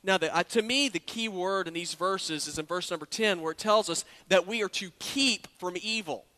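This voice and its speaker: A man's voice: high voice, normal speed, pushed and bright. A man preaching a sermon in an earnest, conversational way, often repeating words as he builds a point. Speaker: pastor.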